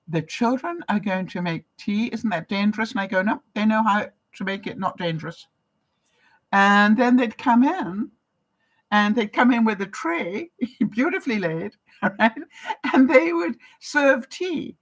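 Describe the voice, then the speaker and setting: A woman's voice: medium pitch, rough recording. An older woman from Canada, a vlogger chatting casually as she reads out viewer comments, laughing often and asking her viewers questions. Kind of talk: casual live-chat talk.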